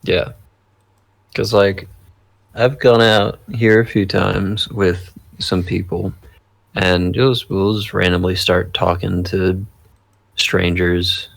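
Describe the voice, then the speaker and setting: A man's voice: low-pitched, level tone, takes it slowly, gravelly. A young man in his twenties co-hosting a podcast, laid-back and self-deprecating, laughing often. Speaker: podcast co-host. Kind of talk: casual chat.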